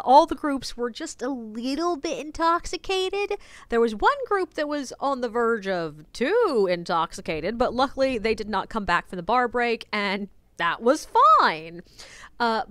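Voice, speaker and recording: A woman with a fairly high, smooth, clear voice tells stories from her ghost tours in a chatty, wry and animated way. The sound is close and dry, with no room around it. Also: dry recording. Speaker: ghost tour guide. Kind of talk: casual storytelling vlog. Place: French Quarter, New Orleans.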